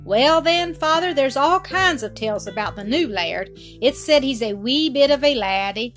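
A woman's voice: high voice, expressive, moderate pace, a bit bright, faint music behind, voice pushed up. A woman voicing an eager, chattering young boy twin.

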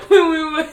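A young woman, co-hosting a podcast in casual chat, laughing often and teasing. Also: very high-pitched. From Australia. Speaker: podcast co-host.

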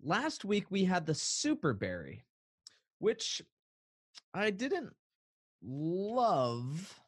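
A man's voice: sits high, wildly swooping pitch, drawn-out words, slightly rough, dry recording. Casual male podcast co-host, playful and laughing, dry close sound. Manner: playful, laughs often, rambling asides. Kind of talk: casual chat.

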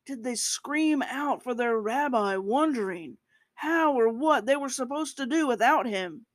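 A woman's voice: high voice, lively intonation, measured pace, no room sound. A woman preacher giving a conversational podcast sermon, reading scripture and reflecting on it, with rising emphasis at key points.

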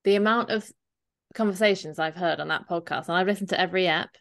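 A woman's voice: lowish voice, fast, fairly bright tone. A woman co-hosting a podcast as a fitness coach, talking bluntly and animatedly, sometimes swearing and acting out other people's voices. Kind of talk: casual podcast chat.

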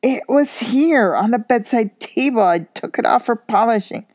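This is a pompous teenage boy from a storybook, lofty and self-important. A woman voices him a little above her own low, gravelly reading voice, with a warm tone, recorded close and dry. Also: lively intonation, normal speed, no room sound, lightly acted. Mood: indignant.

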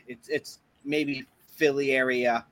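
A man's voice: medium pitch, little pitch movement, slow, a bit bright, no room sound. A man co-hosting a podcast, chatting in a crude, profane and enthusiastic way. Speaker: podcast co-host. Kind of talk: crude casual chat.

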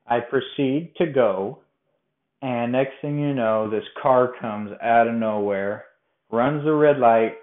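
Chatty young man on a tinny line. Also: medium pitch. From Colorado. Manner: chatty, rambling, self-deprecating with frequent restarts. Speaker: podcast host. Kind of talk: casual faith testimony storytelling. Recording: tinny phone-like sound in an echoey room.

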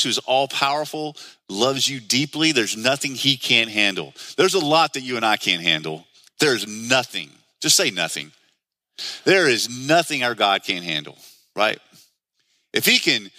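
Bright, earnest preaching man. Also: mid-range voice, no room sound. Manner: earnest, conversational preaching with rhetorical questions. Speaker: pastor. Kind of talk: sermon.

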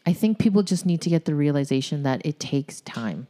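A woman's voice: low voice, lively intonation, brisk, warm tone. A woman guest chatting casually about her fitness habits, laughing often and trailing off with filler words. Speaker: guest, CrossFit member. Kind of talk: casual chat.

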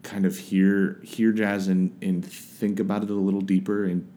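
Man, low and mellow, casual song review, halting and searching for words. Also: level tone. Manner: hesitant, searching for words, many fillers. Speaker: music reviewer.

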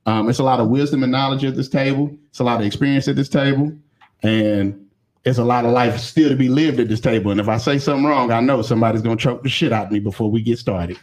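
A man's voice: medium pitch, quick pace. Joking male podcast host. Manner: loose, joking, shouts out to viewers. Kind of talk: casual podcast chat.

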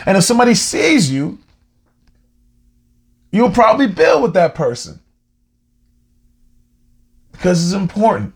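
A man hosting his own podcast, talking in a casual, heartfelt and slangy way, slowing down to stress his points. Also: high-pitched. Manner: conversational, heartfelt, slangy, slows down for emphasis. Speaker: podcast host. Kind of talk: casual motivational monologue.

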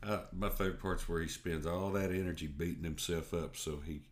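A man's voice: sits low, steady tone, brisk. A man, chatting in a laid-back way with short replies and chuckles. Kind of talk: casual chat. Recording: noisy background.

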